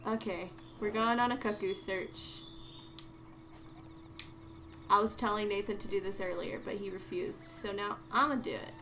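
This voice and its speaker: A young woman on a desk microphone chatting casually and reacting out loud while she plays a video game. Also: mid-range voice, normal speed, a little hiss or hum. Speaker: streamer.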